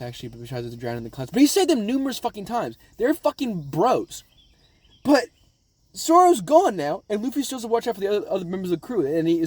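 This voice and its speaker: Man, high voice, rambling casual recap, swears a lot, excitable, dead dry recording. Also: dry recording. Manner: rambling, profanity-laden, excitable. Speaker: anime reaction vlogger.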